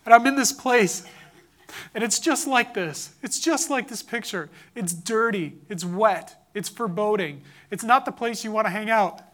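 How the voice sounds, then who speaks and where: A man's voice: high voice, moderate pace, a bit bright. A man giving an earnest, impassioned sermon-style testimony, telling a personal story about his son. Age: adult father.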